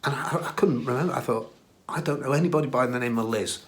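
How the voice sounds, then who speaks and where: A middle-aged British man hosts his own show and tells stories in a loose, chatty way. He is self-deprecating and keeps his restarts and "uh"s in. His voice sits in an ordinary middle pitch. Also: fast. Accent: British English. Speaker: podcast host recounting his career. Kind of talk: casual storytelling.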